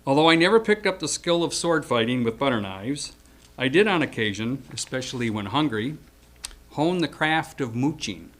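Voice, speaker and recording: A man's voice: medium pitch, animated, normal speed, fairly bright tone. A man around seventy reading a prepared eulogy for an old friend, hesitant at first and then telling stories with acted-out quotes.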